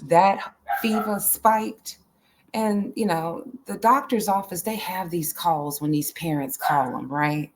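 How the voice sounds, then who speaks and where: A woman's voice: fairly low pitch, takes it slowly, a little hiss or hum. A woman speaking as an interview guest, earnest and emphatic, often repeating her phrases. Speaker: interview guest, autism advocate. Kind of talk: emotional interview talk.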